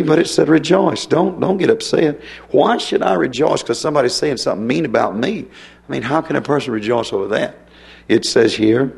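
Gravelly preacher. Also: male voice, mid-range voice, a little mellow. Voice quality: gravelly, husky voice. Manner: folksy storytelling preaching with sudden emphatic rises. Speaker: pastor. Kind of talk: sermon.

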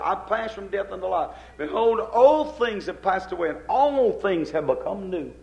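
Fervent high-voiced male preacher, echoey recording. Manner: fervent, swings between soft and emphatic. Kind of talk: sermon. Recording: echoey dull old recording.

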